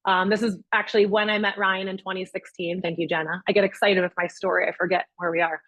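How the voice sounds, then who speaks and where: In a fast, low-leaning voice with no room sound, a young woman real estate agent animatedly relates a personal story at a master class, quoting herself and other people.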